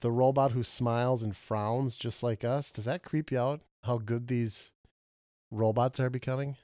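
A man's voice: medium pitch, fairly even intonation, moderate pace, darkish tone, dry recording, clean studio sound. A middle-aged man co-hosting a casual chat, rambling and joking, often stumbling over his words. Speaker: podcast co-host.

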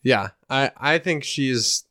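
Podcast guy, smooth clear voice, dry close sound, kinda hesitant as he rates shows. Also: mid-range voice, slow pace, pushed and bright, dry recording. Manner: hesitant, restarts while ranking shows. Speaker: podcast co-host. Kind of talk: casual chat.

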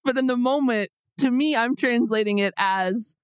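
A woman's voice: on the high side, moderate pace, smooth, no echo. A woman hosting a podcast, telling a story in casual chat, acting out her own exasperated quotes and swearing freely. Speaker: podcast host.

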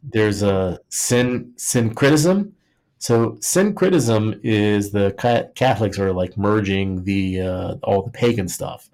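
Slow and fairly low-pitched, with a touch of mellowness, this podcast co-host meanders through a history topic with jokes. His talk is casual, crowded with "like," and full of restarts.

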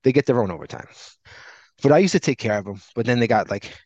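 A man's voice: medium pitch, quick pace, no echo. A man co-hosting a podcast, telling a long story in casual chat, acting out the people in it. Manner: animated, rambling anecdote with acted-out quotes. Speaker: podcast co-host. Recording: dull lo-fi, dry sound.

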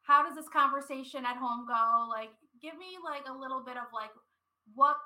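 A woman who hosts a business podcast, talking casually over a video call in an animated, story-telling way with frequent laughs. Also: high voice, moderate pace, poor audio. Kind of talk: casual conversational chat.

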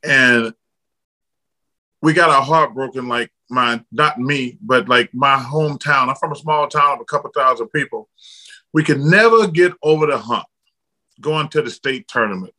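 A middle-aged man from Alabama, a former basketball player telling blunt, lively stories as a guest in an interview. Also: medium pitch, normal speed, low-quality recording. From Alabama, United States. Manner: lively, blunt storyteller, casual slang. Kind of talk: candid storytelling in an interview.

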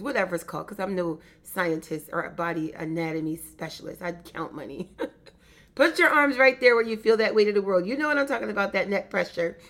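A middle-aged woman giving an emphatic motivational business talk, repeating phrases for effect. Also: medium pitch. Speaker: business coach.

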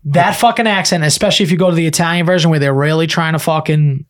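A man's voice: fairly high pitch, fairly even intonation, fast talker. A man with a Boston accent, co-hosting a podcast, ranting in casual, profane chat. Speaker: podcast co-host.

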